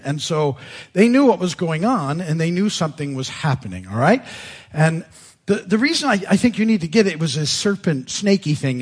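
A middle-aged male pastor giving an informal, emphatic sermon. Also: a little high. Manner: emphatic, informal, frequent restarts. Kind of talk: conversational sermon teaching.

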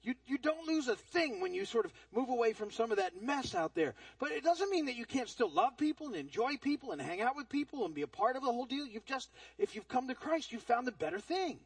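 A man's voice: extremely high pitch, sing-song, brisk, hardly any pauses, no room sound, recorded from a distance, poor audio. A man preaching a sermon as pastor, earnest and conversational, often repeating words as he starts a phrase.

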